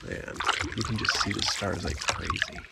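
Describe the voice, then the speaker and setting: A young man vlogging outdoors by a lake at night, talking to the camera in a hushed, easygoing way. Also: moderate pace, gravelly. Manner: hushed and easygoing, then excited high baby talk to his dog. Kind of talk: casual narration to camera. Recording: distant camera mic, loud outdoor noise.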